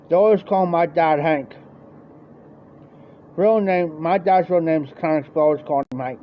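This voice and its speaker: A man's voice: a little high, moderate pace, long pauses. A man with a Midwestern American accent telling a rambling, folksy story on a live stream and acting out the voices of the people in it. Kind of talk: casual storytelling. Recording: dull lo-fi stream audio, faint noise.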